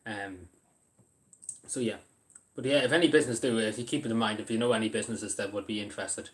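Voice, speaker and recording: A man's voice: fairly low pitch, quick pace. Rambling Irish man on a live stream. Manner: rambling, many ums and restarts; eats while talking. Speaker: livestreamer reading chat. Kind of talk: casual live-stream chat.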